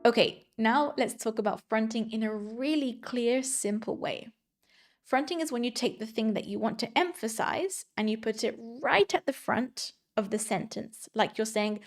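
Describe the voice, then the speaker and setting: Female English exam tutor, somewhat high voice, clear measured delivery, slows down on example sentences. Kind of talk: scripted grammar lesson.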